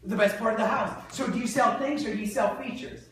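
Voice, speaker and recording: A man giving a lively, joking seminar talk to an audience, quizzing them with fill-in-the-blank questions. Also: high voice, fast. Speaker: sales trainer. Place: large indoor room with an audience. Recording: echoey hall from far off, faint noise.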